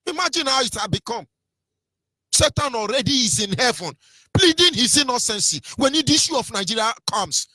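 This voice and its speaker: High, animated preachy radio host man. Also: a little fast, no echo. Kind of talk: impassioned radio commentary.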